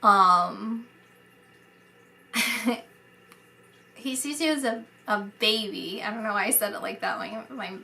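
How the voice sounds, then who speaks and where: A woman's voice: mid-range voice, takes it slowly, creaky, long pauses, bright, forceful tone. A woman psychic medium giving a casual spoken reading, rambling and hesitant with many fillers.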